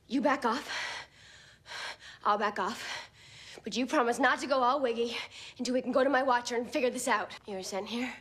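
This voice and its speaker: An actress playing a brash, defiant young female vampire slayer with a sharp tongue in a TV series. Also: a little high, normal speed, long pauses, breathy edge. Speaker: actor in a played TV clip.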